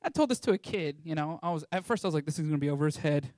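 A man's voice: fairly high pitch, very fast, no echo. A young man from Texas, animatedly telling a personal story to an audience and acting out the voices of the people in it. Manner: animated, acts out voices in his stories. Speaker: ministry school student sharing a testimony.

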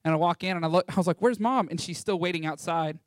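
A man's voice: on the high side, racing, no echo. A young man from Texas, animatedly telling a personal story to an audience and acting out the voices of the people in it. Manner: animated, acts out voices in his stories. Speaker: ministry school student sharing a testimony.

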